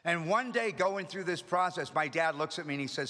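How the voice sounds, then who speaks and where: A man's voice: a little high, lively intonation, brisk, bright, forceful tone. A middle-aged man speaking at a recovery meeting, telling his story with energy and humor. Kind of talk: storytelling talk to an audience. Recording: long reverb of a hall.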